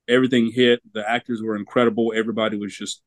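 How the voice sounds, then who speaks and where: A man's voice: lowish voice, flat delivery, rapid-fire, no echo. A man co-hosting a casual movie review chat, rambling a bit, repeating words and laughing as he talks.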